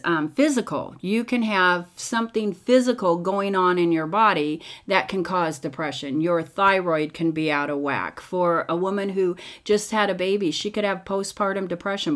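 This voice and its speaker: A middle-aged woman talks through a teaching podcast in a relaxed, conversational way. Her voice sits on the low side for a woman, and she fills pauses with ums and uhs as she tells personal stories. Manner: chatty storytelling with many fillers, acts out quotes. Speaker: podcast host and Bible teacher. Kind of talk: casual teaching talk.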